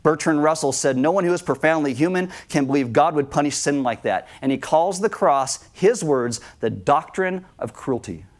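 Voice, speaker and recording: A man's voice: a little high, lively intonation, moderate pace, hardly any pauses. A man preaching a sermon as pastor, emphatic, and he acts out the voices of people he quotes. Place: church.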